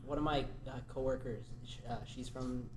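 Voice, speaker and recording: A man's voice: mid-range voice, fairly even intonation, moderate pace. A young man co-hosting a casual podcast, hesitant and filler-heavy and easily amused. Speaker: podcast co-host. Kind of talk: casual chat. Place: big classroom. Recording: echoey classroom, clear background noise.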